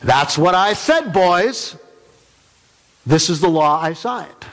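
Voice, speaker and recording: A man's voice: high-pitched, expressive, takes it slowly, fairly bright tone, heavily acted. A man voicing an ancient king with a solemn, pleading manner, in a reverberant hall. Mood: gruff. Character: ancient king, troubled but commanding.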